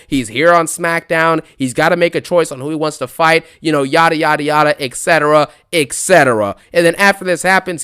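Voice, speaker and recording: High, clear-voiced man ranting and laughing. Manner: laughing often, animated, chatty fillers. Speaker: wrestling reaction YouTuber. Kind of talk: casual unscripted rant.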